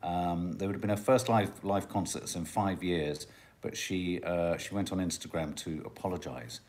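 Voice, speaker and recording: A man's voice: sits low, moderate pace, darkish tone. A man hosting a casual family livestream, chatting and joking as he reads out viewer comments. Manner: chatty, jokey, musing aloud. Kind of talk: casual live chat, reading out viewer comments.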